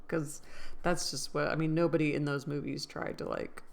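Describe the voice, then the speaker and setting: Woman, low voice, unhurried delivery, casual book vlog, wonders aloud, self-deprecating. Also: level tone, creaky. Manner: musing aloud, questioning herself. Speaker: book vlogger. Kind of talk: casual chat.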